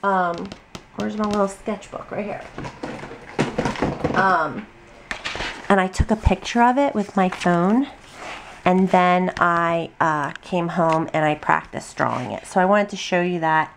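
A woman's voice: fairly low pitch, measured pace, creaky, pauses often, a little hiss or hum. A tired, chatty middle-aged woman rambling through a casual drawing tutorial at her home desk, full of ums and asides. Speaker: craft video host. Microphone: camera on tripod at desk.

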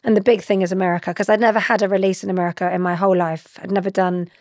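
Gravelly, chatty woman. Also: medium pitch, rapid-fire, no room sound, clean studio sound. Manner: chatty, animated, laughs often. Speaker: guest. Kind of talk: conversational interview.

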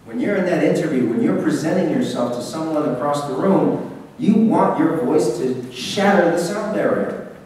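A man giving a lively business seminar talk, speaking directly to his audience and pushing his voice out. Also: fairly high pitch, normal speed. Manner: animated, projecting, talks straight to the audience. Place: seminar hall. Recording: echoey hall, taped from far off.

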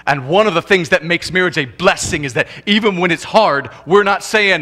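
Pastor guy preaching in church, kinda high bright voice, gets loud then drops real quiet. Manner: animated, shifts from loud emphatic to quiet and low; acts out couples' lines in quick comic voices. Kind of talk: sermon.

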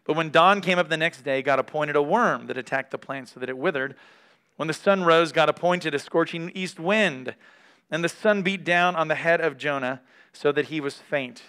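A man teaches from the Bible in a relaxed, conversational way, reading passages aloud and pausing for frank asides. His voice sits a little high for a man and has a smooth, clear tone. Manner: candid, reads scripture aloud between remarks.

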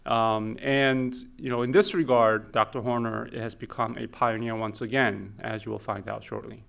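A man's voice: medium pitch, flat delivery, moderate pace, creaky, fairly bright tone. A man hosting a seminar, introducing the guest speaker in a hesitant way with uh and um fillers.

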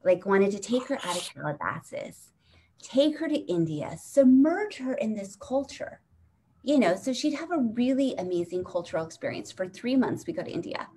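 A woman's voice: a little high, very animated, moderate pace, warm tone, a little hiss or hum. A woman in her forties doing a chatty, rambling storytelling set over a video call, acting out the people in her story. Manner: rambling, chatty, acts out voices in her stories. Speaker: stand-up comic. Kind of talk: storytelling stand-up set on a live stream.

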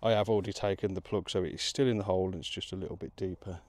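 A man with a Midlands accent, out of breath, chatting excitedly to the camera outdoors while metal detecting in a field. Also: sits low, racing, no echo. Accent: English Midlands. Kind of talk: casual outdoor commentary.

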